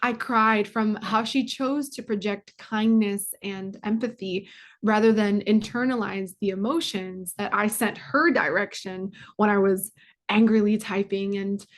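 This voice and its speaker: Young woman guest talking from the heart, lots of ums and restarts, mid pitch. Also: a little slow. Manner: heartfelt, many fillers and restarts. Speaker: guest, foundation communications manager. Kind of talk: casual interview answer.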